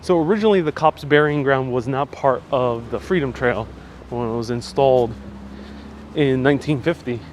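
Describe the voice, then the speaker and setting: The tour host's mid-range voice moves at a moderate pace as he streams live outdoors through the city, chatting casually and answering viewer comments. He films with a phone on a handheld gimbal, and a slight hiss or hum can be heard.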